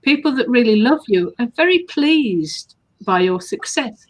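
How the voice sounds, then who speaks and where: A woman's voice: on the high side, animated, unhurried. Woman coaching through affirmation steps. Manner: explains steps patiently, acting out sample compliments. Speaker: hypnotherapist co-host. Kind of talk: casual coaching chat.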